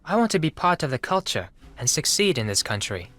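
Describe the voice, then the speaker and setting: A man's voice: a little high, sing-song, fairly quick, a bit bright, dry recording. An actor playing a polite, earnest teenage boy exchange student with a Japanese accent, speaking in formal, careful phrases in a video game.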